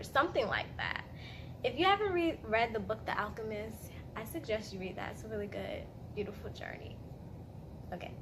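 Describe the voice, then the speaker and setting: A woman's voice: fairly high pitch, normal speed, background noise. Chatty young woman on meditation. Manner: chatty and earnest, many fillers, acts out her inner voice. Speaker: meditation vlogger. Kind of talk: casual talk to camera.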